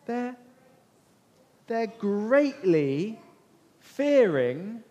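A man with a high voice retells a Bible story to a gathered group, asking them questions as he goes. His talk rings with the long reverb of a big hall. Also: drawn-out words, highs cut off. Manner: lively, questions the listeners and waits for answers. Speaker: preacher leading a Bible talk. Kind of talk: interactive Bible storytelling sermon.

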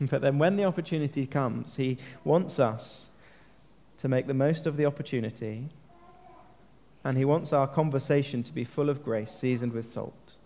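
Earnest preacher in a reverberant hall. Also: male voice, mid-range voice, dark tone. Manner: earnest, conversational, asks questions of listeners. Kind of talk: sermon. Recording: long reverb of a large hall.

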